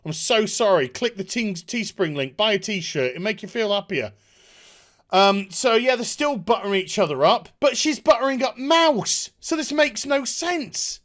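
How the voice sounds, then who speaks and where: A woman giving a sweary, exasperated, sarcastic rant reviewing a TV episode. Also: fairly high pitch.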